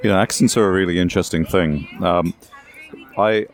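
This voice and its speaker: A very deep-voiced man with an English accent, talking as a guest in an interview. He explains things at length in a relaxed, conversational way, with asides and the odd bit of playful exaggeration. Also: a little fast. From England. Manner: explanatory, storytelling with asides and hyperbole.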